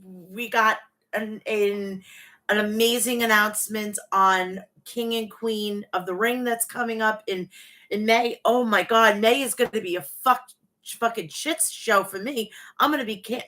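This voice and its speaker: Tearful forties woman vlogger, unhurried delivery, sharp bright voice, swears freely. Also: medium pitch. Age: 40s. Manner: emotional, profane, gushing. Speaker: wrestling show reviewer. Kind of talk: casual review vlog.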